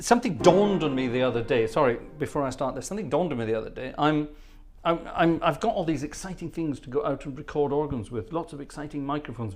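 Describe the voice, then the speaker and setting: A man hosts a live stream from a home studio, talking casually with a slightly higher-than-usual voice. He rambles good-naturedly, reads out viewer comments, and laughs at his own attempts at French. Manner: self-deprecating, stumbles over French. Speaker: livestream host. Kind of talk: casual livestream chat.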